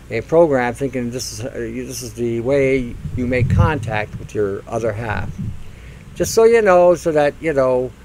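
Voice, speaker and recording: A man's voice: mid-range voice, darkish tone, slight background noise, low-quality recording. An older man hosting a radio talk show, ranting in a mocking monologue and acting out silly voices. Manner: mocking, acts out silly voices, laughs at own jokes.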